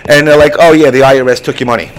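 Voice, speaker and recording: A medium-pitched man races through a long story while hosting a casual online show, swearing heavily and performing different voices. The audio is poor, with slight background noise.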